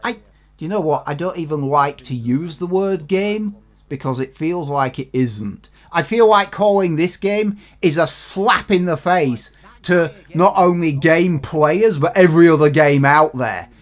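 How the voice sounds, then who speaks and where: A man's voice: fairly high pitch, measured pace. A man giving an exasperated, sweary, sarcastic rant in a game review.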